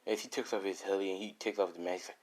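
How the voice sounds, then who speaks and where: A man's voice: sits low, steady tone, quick pace, a little mellow. A man casually improvising a fan story, rambling and crude, with many fillers and restarts.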